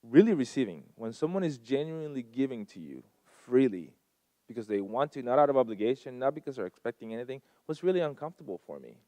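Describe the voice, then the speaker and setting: An earnest man in his thirties shares a personal testimony, stacking short repeated phrases for emphasis. His voice sits at a middle pitch and is picked up dry and close on a handheld mic. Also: very animated, quick pace, dark tone, dry recording. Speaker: guest speaker at a Sunday service.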